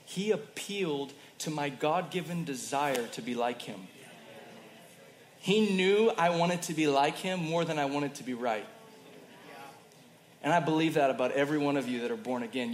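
A man preaching a sermon in a conversational way, moving between loud emphasis and soft, quiet passages. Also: mid-range voice, normal speed. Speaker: pastor. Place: church hall. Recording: roomy hall with faint ambience.

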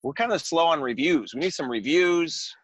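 Lively, chatty American podcast host. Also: male voice, on the high side, moderate pace, muffled recording, slight background noise. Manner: animated, laughs often, chatty and joking. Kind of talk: casual chat.

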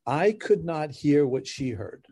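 A middle-aged man, a podcast guest who coaches couples, telling stories in lively conversation, laughing and acting out dialogue as he explains. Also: fairly high pitch, measured pace, husky. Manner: animated, laughs while explaining, acts out dialogue. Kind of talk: conversational storytelling.

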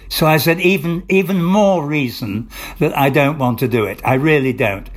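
A man's voice: fairly high pitch, normal speed, hardly any pauses. An older male actor being interviewed, telling long rambling stories with restarts and acted-out dialogue. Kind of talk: anecdotal interview storytelling.

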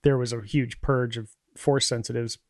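A man co-hosting a fan podcast, speaking in a deadpan way and thinking aloud in casual chat. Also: mid-range voice, moderate pace, no room sound, studio quality. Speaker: podcast co-host.

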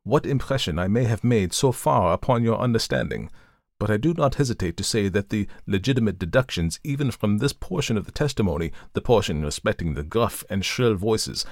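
A man voicing a calm, methodical male detective who reasons aloud in a measured, lecturing way, in an audiobook reading. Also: lowish voice, no room sound, studio quality.

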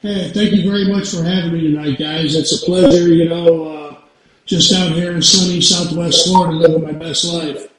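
Hearty higher-voiced man on an echoey call. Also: steady tone, normal speed, a bit bright. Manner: friendly, hearty, calls people brother. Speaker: podcast guest. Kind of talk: casual chat. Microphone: headset.

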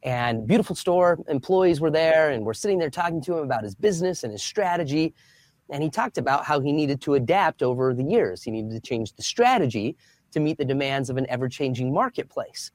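A man in his thirties tells a story as an interview guest, animated and expressive. His voice sits at a middle pitch, and the sound is dry. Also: fairly quick, no echo.

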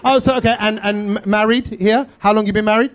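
A man's voice: high voice, steady tone, quick pace. A man hosting a live comedy podcast on stage, teasing the audience with cheeky banter. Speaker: podcast host.

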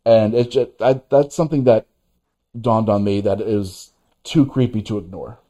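Man, mellow low-key voice, casual film chat, stumbling restarts. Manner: halting, many restarts and fillers, laughs as he talks. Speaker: podcast co-host.

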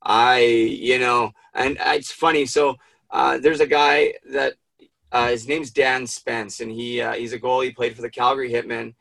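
A man's voice: medium pitch, flat delivery, unhurried, creaky, fairly bright tone, no room sound, poor audio. A man hosting a casual interview, emotional and rambling, swearing freely. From Canada. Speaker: podcast host.

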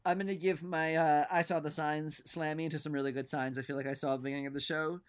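A man with a slightly raised voice co-hosts a casual podcast. He rambles through his points with pauses and asides, speeding up and slowing down as he goes. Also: a little high, little pitch movement, smooth. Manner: rambling, hesitant, lots of fillers and asides. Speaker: podcast co-host.

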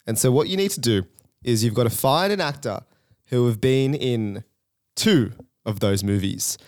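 A man's voice: mid-range voice, expressive, moderate pace, no room sound, clean studio sound. A man co-hosting a casual podcast, explaining the rules of a movie quiz game. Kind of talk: casual chat.

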